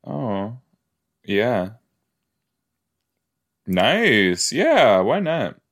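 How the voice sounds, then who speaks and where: A man hosting a podcast, chatting casually as he reacts to a TV episode, easily amused and quick to gasp and laugh. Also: mid-range voice, very animated, a bit bright.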